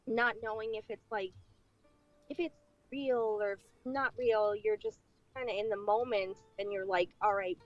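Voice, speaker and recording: A woman's voice: medium pitch, fairly even intonation, measured pace. A woman telling a personal story on a podcast in a chatty way, with many fillers and retold dialogue. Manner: chatty, filler-heavy, acting out past dialogue. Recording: dull lo-fi clip with faint music.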